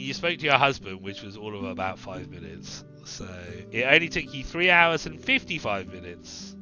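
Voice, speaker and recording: A man's voice: fairly low pitch, lo-fi sound. A man streaming a text game, reading the story aloud and making wry, chatty comments.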